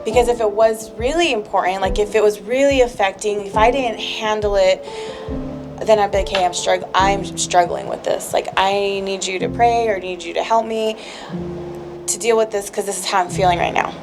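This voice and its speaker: A woman's voice: mid-range voice, steady tone, moderate pace. A woman co-hosting a podcast, speaking candidly and heartfelt about her life, rambling with lots of fillers and close to tears at times. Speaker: podcast co-host. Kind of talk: candid personal chat. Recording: music playing clearly behind.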